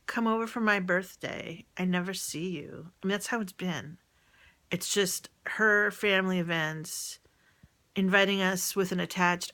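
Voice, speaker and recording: A woman rambling and venting in a personal audio diary, often halting and trailing off mid-thought. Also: lowish voice, bright, forceful tone. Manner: venting about a relative.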